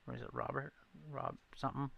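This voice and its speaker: Speaking a little fast in a level, medium-pitched tone with vocal fry and a breathy edge, a livestream host chats with viewers and reads their comments. He rambles through stories, laughs often, and mentions needing his glasses for the chat. The audio sounds dull.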